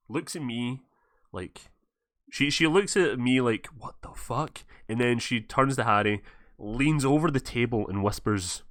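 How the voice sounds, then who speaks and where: A man's voice: medium pitch, dry recording. A man with a Scottish accent tells a story on a casual podcast, swearing freely and acting out the lines people said. His voice sits in a middling range and sounds dry and close, with no room around it. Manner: animated, swears a lot, acts out quoted lines. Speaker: podcast host.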